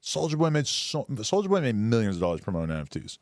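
A man's voice: mid-range voice, big pitch swings, quick pace, darkish tone, no room sound, studio quality. A man co-hosting a podcast in casual chat, rambling bluntly and swearing freely. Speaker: podcast co-host.

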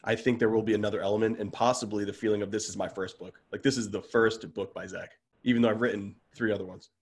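A man as a podcast guest in a casual interview, speaking earnestly and heartfelt, excitable and open. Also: on the low side, fast talker.

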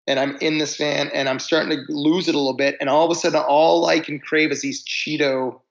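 A man's voice: on the high side, little pitch movement, a little fast, gravelly, muffled recording. A man guest on a podcast, telling casual stories about touring in a band, often restarting his sentences. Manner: rambling, self-interrupting storyteller. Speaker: musician guest. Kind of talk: casual storytelling interview.

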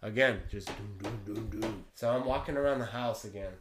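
A man casually telling a story, animated, swearing now and then and laughing through the tense parts. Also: on the low side, fairly quick, a crowd in the background.

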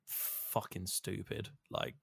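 A man's voice: slow, fairly bright tone, no echo, clean studio sound. A man in casual chat, rambling through a game recap, swearing freely and acting out the characters. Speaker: podcast co-host recapping a game.

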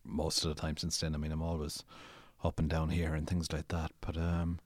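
A man's voice: a bass voice, completely flat delivery, normal speed, no echo, studio quality. A man with an Irish accent, an author who reads his own fiction theatrically and then chats in a rambling, storytelling way. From Ireland. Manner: theatrical, dramatic reader; rambling, chatty storyteller with restarts. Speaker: author and podcast guest.

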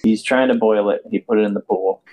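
A man playing a tabletop game, teasing the others with quick wisecracks. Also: on the low side, fairly even intonation, a little mellow, poor audio. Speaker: player. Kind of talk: casual tabletop game play.

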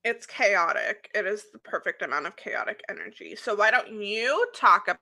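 A woman's voice: medium pitch, big pitch swings, moderate pace, gravelly, pushed and bright. A woman co-hosting a podcast, chatting casually and playfully about a movie, giggling and poking fun at herself, recorded over a remote call. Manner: giggly, playfully self-mocking. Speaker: podcast co-host.

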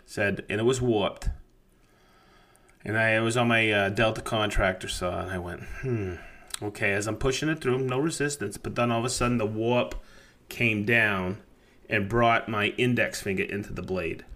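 A man telling a near-miss woodworking story on a podcast in a lively, profane, laughing manner. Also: lowish voice, normal speed.

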